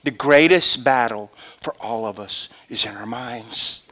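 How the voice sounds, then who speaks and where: A middle-aged man preaching a sermon, acting out voices and swinging from hushed asides to shouts. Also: medium pitch, a little slow. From Louisiana.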